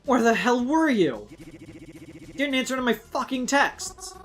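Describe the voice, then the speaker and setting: A woman voicing an angry young man in a visual novel game, shouting, swearing and scornful. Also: sits high, very animated, moderate pace, soft background music, voice pushed up. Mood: furious.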